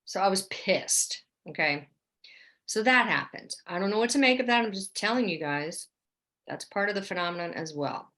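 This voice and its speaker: A woman from New Orleans, a guest in an interview, telling her story in a lively, vivid way with lots of "like" and "right?". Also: mid-range voice, normal speed. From New Orleans, USA. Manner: animated, vivid storyteller, often says "like" and "right?".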